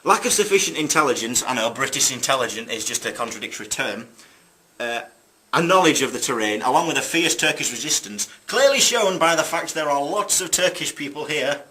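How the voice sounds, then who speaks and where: Young male student narrator with a bright, sharp tone, reading history with hesitant ums and tossed-off jokes. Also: mid-range voice, lively intonation, fairly quick. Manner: jokey asides, hesitant fillers. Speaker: student presenter. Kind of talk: narrating a school history video.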